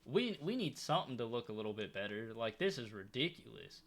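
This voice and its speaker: A young man, a gaming YouTuber, comments on his own football video game in a mid-range, sing-song voice that runs a little fast. He complains and begs with comic exasperation.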